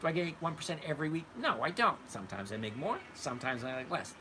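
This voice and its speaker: This older retired host talks fast and animatedly in a voice on the high side, pushed and bright. On his casual trading livestream he bluntly answers viewers by name from the chat, over slight background noise and poor audio.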